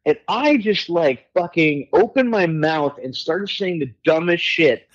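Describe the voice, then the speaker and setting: A man's voice: a little high, expressive, a little slow, dull audio. A middle-aged man, a musician guest on a podcast, telling stories in a candid, rambling way, swearing freely and using many fillers. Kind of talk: casual storytelling chat.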